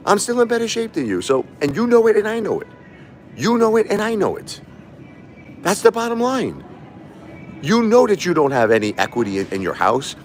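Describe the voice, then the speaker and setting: A man's voice: sits high, big pitch swings, a little fast, soft background music. A man livestreaming a combative, boastful rant, taunting his critics and repeating himself. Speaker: livestreaming YouTuber. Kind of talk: ranting livestream monologue.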